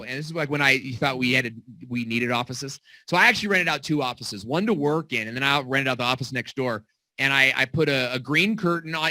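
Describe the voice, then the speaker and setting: Bright energetic man coaching. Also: medium pitch, no room sound. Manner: energetic, animated storytelling with acted quotes. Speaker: video marketing coach. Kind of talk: casual teaching talk. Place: home basement studio.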